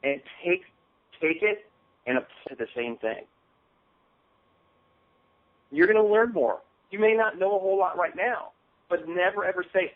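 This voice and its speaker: A man's voice: sits high, measured pace, pauses often. A man giving a casual motivational coaching talk on a call, often checking in with "okay?". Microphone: phone call. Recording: phone-line audio.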